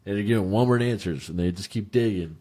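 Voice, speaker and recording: A man's voice: lowish voice, quick pace, dark tone. A young man co-hosting a casual podcast, telling stories loosely, swearing and laughing often. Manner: laid-back, swearing storyteller who laughs often. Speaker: podcast co-host. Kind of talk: casual chat.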